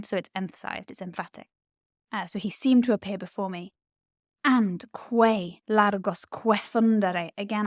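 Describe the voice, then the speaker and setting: A woman's voice: medium pitch, a little mellow, no room sound, studio quality. A woman Latin tutor, explaining poetry in an enthusiastic, chatty way with frequent ums.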